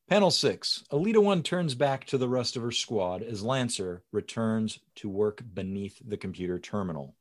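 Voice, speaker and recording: A man reading comic script panel descriptions aloud in a lively way. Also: on the low side, normal speed, hardly any pauses. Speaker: script reader.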